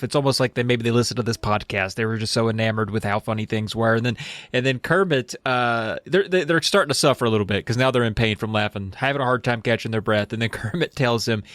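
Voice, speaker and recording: A man's voice: medium pitch, brisk, a bit bright, dry recording. Playful man retelling a story, dry sound. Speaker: podcast co-host. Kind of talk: casual chat retelling a story.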